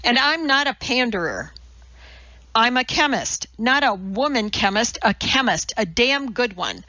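A blunt, proud woman chemist with a sharp, forceful tone and a gravelly undertone, as a woman acts her out. The sound is dry and a little dull, like a modest home recording. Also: fairly high pitch, expressive, a little slow, dry recording, voice pushed up, full character voice. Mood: shouting. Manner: blunt, indignant. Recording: slightly dull lo-fi.

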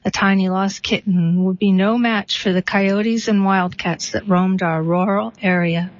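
A woman reading a short story and a poem aloud in a steady, unhurried way. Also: mid-range voice. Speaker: reader. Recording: dull, slightly lo-fi dry recording.

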